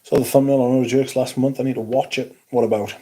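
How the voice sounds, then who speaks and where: Geordie guy around forty, livestream host, blunt, swears freely, dry sarcasm, mid-pitched voice. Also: fairly even intonation, quick pace, warm tone. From Newcastle, England. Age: 40s. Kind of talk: casual livestream chat reading comments.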